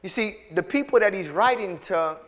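High-voiced preacher in a reverberant hall. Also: male voice, expressive, moderate pace. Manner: call-and-response preaching, building from soft to loud. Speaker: pastor. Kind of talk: sermon. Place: large church sanctuary with reverb.

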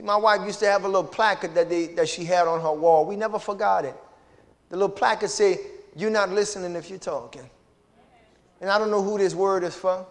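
A man's voice: high-pitched, in a large hall. A man preaching a sermon, sprinkling his points with hallelujahs and amens and calling out to the congregation. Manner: call-and-response preaching with frequent hallelujahs and amens. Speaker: pastor. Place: church sanctuary.

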